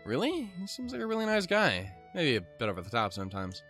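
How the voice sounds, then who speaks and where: A man voicing a cheerful, bubbly young woman librarian in an excitable, squealing, sing-song way. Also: mid-range voice, fast talker, faint music behind, pitched above the performer's own voice. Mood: chirpy.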